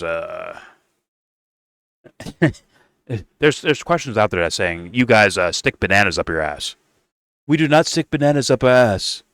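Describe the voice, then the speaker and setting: A man's voice: mid-range voice, dry recording. Profane, rambling man ranting casually. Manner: profane, rambling, animated ranting with frequent restarts. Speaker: podcast co-host reacting to an interview. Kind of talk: casual reaction commentary.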